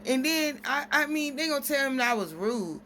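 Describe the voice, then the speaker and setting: A woman's voice: sits high, animated, fairly quick, fairly bright tone, a little hiss or hum. A woman venting at length in a casual vlog, rambling through stories with quoted exchanges. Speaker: single mom vlogger.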